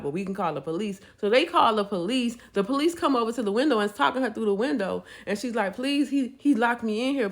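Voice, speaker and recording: A woman casually retelling a dramatic story and acting out each person's lines. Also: medium pitch. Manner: animated retelling, acting out quotes.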